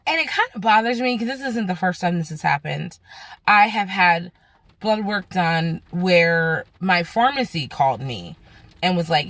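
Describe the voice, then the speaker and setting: A woman's voice: lowish voice, moderate pace, a bit bright, no echo. A young woman venting to her camera at home, telling frustrated stories in a casual, exasperated way. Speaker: vlogger.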